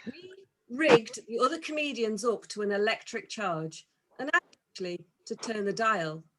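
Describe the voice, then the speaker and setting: A woman's voice: fairly high pitch, animated, unhurried, a bit bright, slight background noise. A woman hosting an online comedy night over a video call, giggling often and giving jokey introductions. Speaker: compere of an online comedy gig. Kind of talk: comedy compering.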